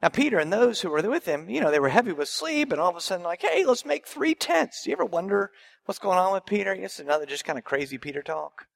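A pastor delivers a sermon in a fairly high, gravelly voice. He builds his points through repetition and rhetorical questions and presses them home with emphasis. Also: expressive, fast.

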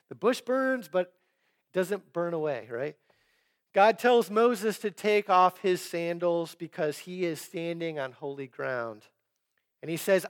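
A pastor delivering a Sunday sermon, his slightly high male voice rising on key words and dropping low and quiet after them. He builds emphasis with pauses and slips in chuckling asides between points. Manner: emphatic preaching with dramatic pauses and rising stress.

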